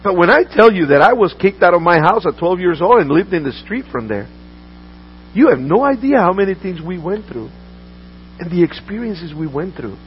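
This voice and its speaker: A man's voice: high-pitched, animated, moderate pace, lo-fi sound, slight background noise. A man preaching a sermon as a pastor, earnest, often repeating words and restarting his sentences.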